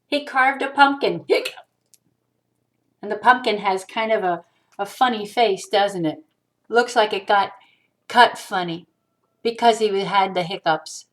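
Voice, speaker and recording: A woman reading a picture book aloud to a child, animated, with sung-out hiccup sounds, on a webcam mic. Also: mid-range voice, measured pace. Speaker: storyteller.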